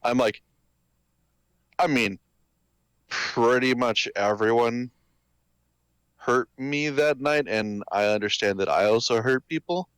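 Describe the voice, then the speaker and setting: A young man as a guest in casual chat, telling a story slowly and haltingly. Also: mid-range voice, fairly bright tone, clear, resonant tone, no echo.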